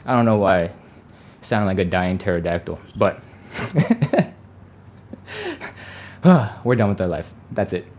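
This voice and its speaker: A man's voice: deep voice, a little fast, darkish tone, slight background noise. A man leading a live stretching workout, chatty and upbeat, sighing and laughing between cues. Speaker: stretching coach.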